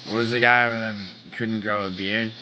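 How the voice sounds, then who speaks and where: A man's voice: lowish voice, flat delivery, moderate pace, bright, forceful tone, a little hiss or hum, low-quality recording. A man hosting a livestream in casual chat with his viewers, brash and profane, trash-talking and bragging. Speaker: livestream host.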